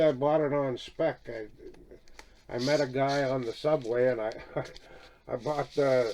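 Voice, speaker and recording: A man, older, talks through his record albums one after another in a loose, rambling way. He drifts into side stories and checks in with his listeners as he goes. His voice sits at an ordinary middle pitch for a man. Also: darkish tone. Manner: rambling, chatty, peppered with "eh?" and "right?", chuckles often. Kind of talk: casual video chat about vinyl records.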